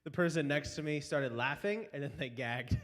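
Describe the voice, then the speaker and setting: Playful young student pastor in a hall. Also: male voice, a little high, animated, moderate pace, a bit bright. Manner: playful storyteller. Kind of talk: casual live-stream banter.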